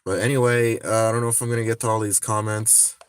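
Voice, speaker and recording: A man's voice: lowish voice, level tone, fast, smooth. A man chatting casually on a phone livestream, rambling with many restarts and frequent swearing.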